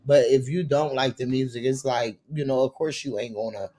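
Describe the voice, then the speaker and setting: A man's voice: mid-range voice, fairly even intonation, normal speed, warm tone. A man hosting a celebrity gossip talk show, emphatic and profane, with repeated catchphrases. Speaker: host.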